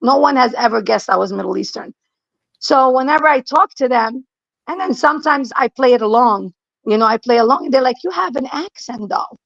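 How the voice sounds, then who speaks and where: A blunt, emphatic middle-aged woman, her voice a touch high and gravelly with fry. She talks casually and repeats her points for weight. The sound is dull and lo-fi in a dry, dead space. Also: a little fast, fairly bright tone, no echo. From Lebanon. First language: Aramaic. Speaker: guest. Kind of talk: casual conversation.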